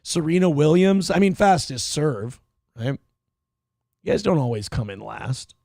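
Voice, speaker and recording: Brash, gravelly male livestream host. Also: on the high side, sing-song, unhurried, no echo, clean studio sound. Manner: loud, brash and mocking, with sudden yelled outbursts. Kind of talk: crude casual livestream commentary.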